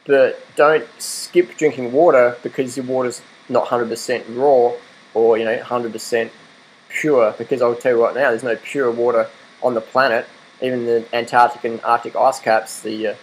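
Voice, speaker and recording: A man's voice: medium pitch, a little hiss or hum, rough recording. A young Australian man in a casual vlog, rambling and laughing as he talks to his dog and argues his point. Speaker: vlogger. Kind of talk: casual rant to camera.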